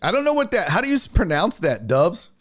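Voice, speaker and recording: Brief: male sports stream host, casual and profane, very animated pitch, chats with viewers. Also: a little fast. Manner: rambling, profane, reads chat aloud. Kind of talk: casual live-stream chat.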